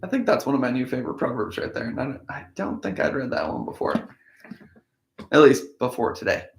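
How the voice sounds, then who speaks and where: A man with a slightly hoarse voice from a cold, reading a Bible passage and thinking aloud about it in a casual, conversational way. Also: mid-range voice, very animated, brisk. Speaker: host of a daily Bible reading show. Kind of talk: casual scripture reading with commentary. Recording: echoey room.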